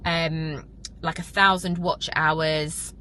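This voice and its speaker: A young woman chatting to her camera, gushing and a little emotional, rambling through fillers as she talks. Her voice sits low but sounds bright and forceful. A faint hiss of noise runs underneath. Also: fairly even intonation, slow pace, rough recording. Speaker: vlogger and podcast host. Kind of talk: casual vlog chat to camera.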